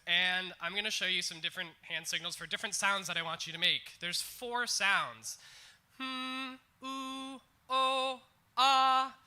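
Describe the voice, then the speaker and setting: A man's voice: high voice, brisk, few pauses, sharp tone. A man presenting on stage, coaching a live audience through breathing and singing exercises.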